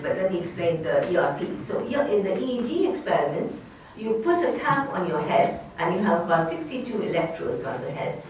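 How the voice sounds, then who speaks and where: An older woman, a linguistics professor, giving an academic lecture, explaining points and putting questions to her audience. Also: a little hiss or hum. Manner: explanatory, poses questions to the audience, lively pitch. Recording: echoey hall, distant from the mic.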